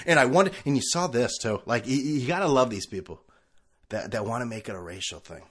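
A man's voice: mid-range voice, animated, a little fast, fairly bright tone, slightly rough. A man from the United States hosting his own podcast, ranting casually with profane, sarcastic asides and frequent restarts. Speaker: podcast host.

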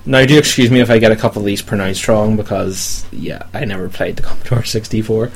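A man's voice: lowish voice, a little fast, creaky, slightly rough. A man hosting a casual podcast chat, rambling and hesitant with many ums while reading a list. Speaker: podcast host.

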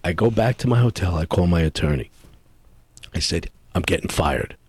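A man from New York, an actor, telling rambling, animated anecdotes with many restarts in a casual interview. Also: deep voice, fairly quick, husky, dry recording. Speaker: actor guest.

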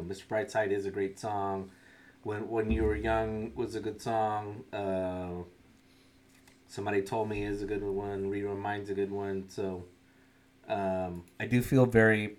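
A man co-hosting a casual podcast chat, talking hesitantly with frequent restarts. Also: fairly low pitch. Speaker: podcast co-host.

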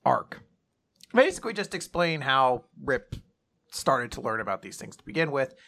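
A young man co-hosting a casual manga recap, animated, often laughing and acting out quoted lines. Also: medium pitch, moderate pace, creaky. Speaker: podcast co-host.

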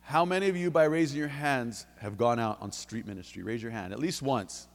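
A man preaching a sermon in a church, fervent, dropping to low intimate tones and then rising to loud bursts. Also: a little fast, gravelly, big-room sound. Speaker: lay preacher giving testimony. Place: church sanctuary.

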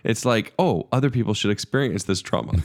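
A man's voice: lowish voice, fairly quick. A man co-hosting a casual podcast, teasing the others playfully. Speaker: podcast co-host. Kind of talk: casual chat. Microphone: headphones with studio mic.

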